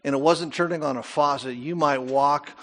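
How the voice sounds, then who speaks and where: Animated older male preacher. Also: on the high side, moderate pace. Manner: animated preaching with rhetorical questions and asides. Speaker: pastor. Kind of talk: sermon.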